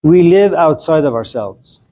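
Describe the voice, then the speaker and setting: A man's voice: a little high, unhurried, rough recording. Conversational middle-aged male lecturer. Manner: conversational, animated, acts out quoted voices. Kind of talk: philosophy lecture with anecdotes.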